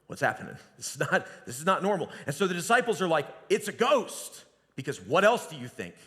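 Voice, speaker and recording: A man preaches a sermon in a church sanctuary, telling the story in a relaxed, conversational way. He often drops to a quiet, hushed voice. His voice sits a little high, and a long reverb from the hall trails behind each phrase. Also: fairly quick. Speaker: pastor.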